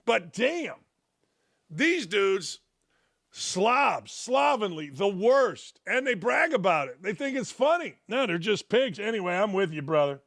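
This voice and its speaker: Older man, sports talk host, blunt and mocking, tense high voice, dry close sound. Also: big pitch swings, measured pace, fairly bright tone, no echo. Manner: blunt, mocking, rambling asides. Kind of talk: opinionated commentary.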